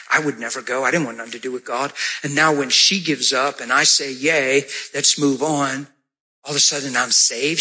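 Husky, bright-voiced male preacher. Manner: animated storytelling, acting out voices in a high pitch. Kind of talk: sermon with testimony.

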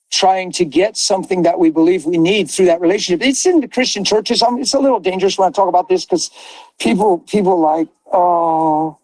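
A man's voice: high-pitched, darkish tone, no echo, low-quality recording. A man preaching Christian teaching in a conversational way. He is emphatic and repeats phrases for stress. The recording is dry and close.

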